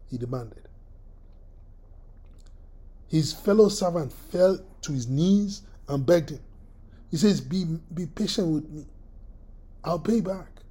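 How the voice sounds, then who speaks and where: A preacher delivers a sermon in a mellow, husky voice. The delivery halts and doubles back on words, with frequent throat-clearing and questions tossed to the listeners. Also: mid-range voice, lively intonation. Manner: halting, repeats words, asks the listeners questions.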